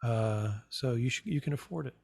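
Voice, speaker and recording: A man's voice: mid-range voice, moderate pace, gravelly, darkish tone, husky, dry recording. A man co-hosting a comedy podcast, teasing his partner and cutting in with jokes. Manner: teasing, interjecting. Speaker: podcast co-host. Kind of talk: casual comedic banter.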